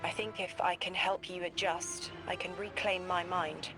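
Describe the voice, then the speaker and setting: A lowish-voiced game emissary, eerie calm, prophetic, game music behind. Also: female voice, normal speed, vocal fry. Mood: cryptic. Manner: calm, speaks as if the future is settled. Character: cryptic transmuted woman emissary of otherworldly beings.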